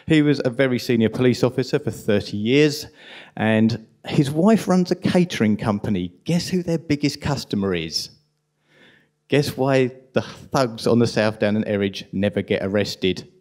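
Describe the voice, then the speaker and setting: A man with a strong London accent giving an impassioned, indignant conference talk at a rapid pace. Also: lowish voice, darkish tone. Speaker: conference speaker.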